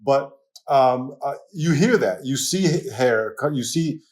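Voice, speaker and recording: A man with a New York accent, a pastor talking as a guest in a casual interview, telling lively stories and laughing often. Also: medium pitch, a little slow. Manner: animated storytelling, laughs often.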